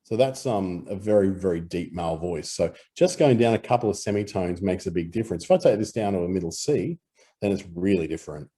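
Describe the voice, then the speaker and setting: A man with an Australian accent explaining audio editing in a relaxed screen-recorded tutorial, with easy fillers. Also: low voice, brisk, breathy edge.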